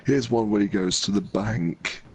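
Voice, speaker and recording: A man with a low, gravelly voice chats casually and retells funny game scenes. He laughs often as he talks. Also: fairly even intonation, unhurried, slight background noise. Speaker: let's play host. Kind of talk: casual chat.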